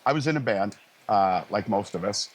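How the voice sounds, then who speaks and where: A middle-aged man, a live sound engineer, telling lively, easygoing stories in a casual interview and acting out other people's lines. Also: on the low side, normal speed, a little hiss or hum. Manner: animated anecdotes, acting out others' lines in a raised voice; frequent fillers and restarts, easygoing.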